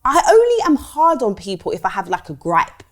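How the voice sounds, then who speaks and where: A woman's voice: on the high side, huge pitch swings, fairly quick. A woman guest speaking bluntly and animatedly in casual chat, swearing freely. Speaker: guest, online show host.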